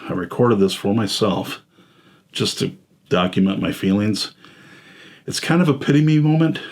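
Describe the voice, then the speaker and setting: Deep raspy forties guy doing a blunt self-mocking monologue, kinda out of breath. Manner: self-deprecating, blunt, wry. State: short of breath. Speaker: filmmaker and host. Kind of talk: candid personal monologue.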